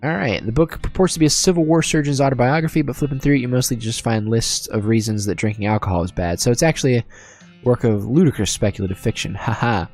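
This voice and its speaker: A man's voice: mid-range voice, quick pace, a little mellow, soft background music. A man casually commenting on and reading aloud from a video game, chatty and self-deprecating. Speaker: video game let's-play host.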